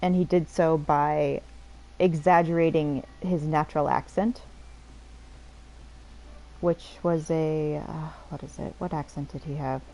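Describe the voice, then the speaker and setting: Mellow low-voiced woman chatting over a game. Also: fairly even intonation, slight background noise, poor audio. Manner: rambling, chatty, quick to laugh. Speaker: streamer playing a game. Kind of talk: casual let's-play commentary.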